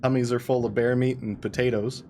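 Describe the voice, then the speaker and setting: A man narrating a tabletop game as game master, in a casual, halting way that swears freely. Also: mid-range voice, fairly even intonation, darkish tone, faint music behind.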